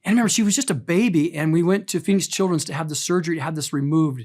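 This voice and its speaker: A man's voice: a little high, rapid-fire, darkish tone. A middle-aged pastor preaching to his congregation in a church. He tells personal stories with emphatic, heartfelt delivery, pressing hard on key words. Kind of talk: sermon.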